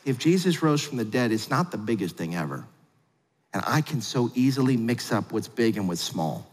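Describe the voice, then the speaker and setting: A man preaching a sermon, telling a family story with jokes and big swings between quiet and loud. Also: normal speed. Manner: animated storyteller with big swings in pitch and loudness; humorous asides. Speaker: pastor. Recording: long hall reverb.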